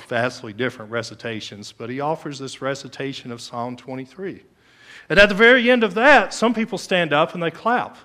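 A male pastor preaching a sermon, telling a story and leading prayer, rising to loud emphasis and dropping to hushed phrases, with repeated starts and frequent ums. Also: fairly high pitch.

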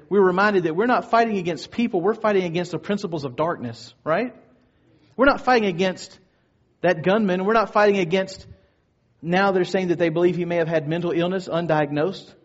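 A male pastor delivering an earnest, emphatic sermon full of rhetorical questions. His voice sits a little high for a man. The recording is dull and lo-fi.

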